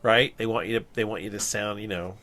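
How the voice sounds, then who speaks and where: A man's voice: lowish voice, fairly even intonation, quick pace, crowd noise. A middle-aged man from New Jersey, co-hosting a podcast in casual, rambling chat, often restarting sentences and laughing. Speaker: podcast co-host.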